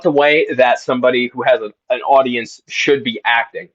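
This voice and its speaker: A man's voice: medium pitch, steady tone, normal speed, fairly bright tone, dull audio. A man co-hosting a comedy video, recounting an absurd story in a dry, matter-of-fact way. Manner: dry, matter-of-fact, feeding straight lines. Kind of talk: deadpan mock apology, improvised comedy.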